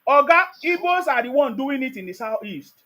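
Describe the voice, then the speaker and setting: A man with a Nigerian accent hosts a heated live call-in stream debate, his very high voice brisk and sharp with big pitch swings. He's combative and keeps insistently repeating his demands.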